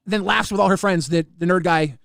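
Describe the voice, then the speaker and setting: A man telling a story in a casual way, fast and full of repeated restarts. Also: sits high, vocal fry, fairly bright tone, dry recording, studio quality. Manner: rapid, repetitive restarts. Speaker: guest recounting drama.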